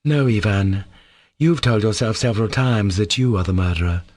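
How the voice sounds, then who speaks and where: Guy doing a soft earnest young man, timid and warm, raised a bit above his usual voice, dry read. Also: fairly low pitch, lively intonation, normal speed, dry recording. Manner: soft, pleading, earnest delivery. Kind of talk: audiobook character voice.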